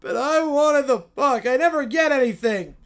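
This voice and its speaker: A man's voice: extremely high pitch, lively intonation, moderate pace, pitched above the performer's own voice. A man voicing a whining, sulky preschool boy who complains about everything. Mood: whiny. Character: whiny crying little preschool boy.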